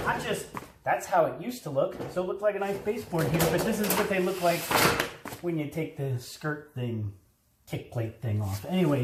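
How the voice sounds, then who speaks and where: A man with a high voice hosts a joking DIY repair video. He rambles and lectures with emphasis. His voice echoes around a room in a home. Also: slight background noise. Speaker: handyman host. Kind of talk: casual DIY how-to video. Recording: roomy echo.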